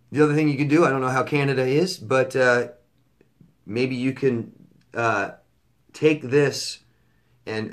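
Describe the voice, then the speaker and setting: Middle-aged guy giving blunt advice, repeats himself, swears when he gets going. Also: mid-range voice. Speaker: relationship coach answering viewer questions. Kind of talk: casual advice monologue.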